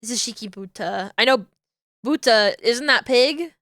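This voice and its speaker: Woman streamer, thinking aloud, bright tone, dry close sound. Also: fairly high pitch, normal speed, no echo. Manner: thinking aloud, self-correcting. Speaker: streamer rigging a 3D model. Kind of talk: casual chat while working.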